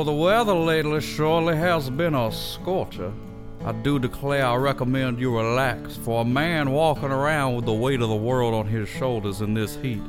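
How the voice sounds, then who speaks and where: A man voicing a pompous, genteel Southern gentleman host with a Southern US accent, in a comic character monologue full of flowery, unhurried phrasing. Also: medium pitch, close to an everyday voice.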